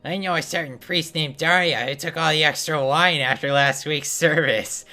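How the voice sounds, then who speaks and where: A pompous old priest in a fantasy game blesses people and hands out gossip from up high, as a man puts him on. His delivery is lofty and raised above the man's own voice. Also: fairly even intonation, moderate pace, bright, forceful tone.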